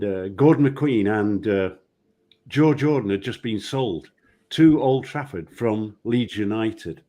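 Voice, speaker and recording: An older man, a former referee, telling anecdotes and acting out the people in them. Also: medium pitch. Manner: lively storyteller, acts out quotes. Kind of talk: anecdotal storytelling.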